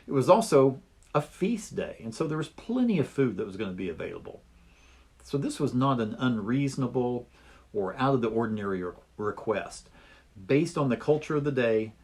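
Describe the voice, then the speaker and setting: A man walks listeners through a Bible lesson in a measured, folksy manner. His voice has a slightly husky grain and sits at an ordinary middle pitch. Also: darkish tone. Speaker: Bible study teacher. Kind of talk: teaching over slides.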